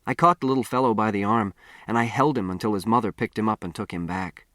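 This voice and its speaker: A man reading a novel aloud as an audiobook narrator, in a measured first-person storytelling manner. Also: lowish voice, a bit bright, dry recording, clean studio sound. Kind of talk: scripted narration.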